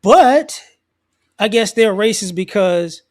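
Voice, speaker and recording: His voice sits high and animated, and he talks slowly. A male commentator, he gives a casual, slangy monologue of social commentary off the cuff, restarting his sentences and acting out other people's quoted words.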